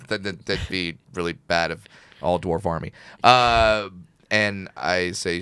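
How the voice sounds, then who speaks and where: A man from Southern California, a comedian guest on an interview show, telling animated stories and acting out the people in them. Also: deep voice, moderate pace, clear, resonant tone, dry recording. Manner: animated storyteller, acts out quotes. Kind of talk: casual interview chat.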